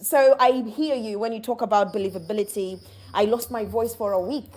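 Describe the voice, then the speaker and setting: A woman from Uganda earnestly telling a personal story in a conversation, halting and restarting often. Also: medium pitch, a little mellow, slight background noise.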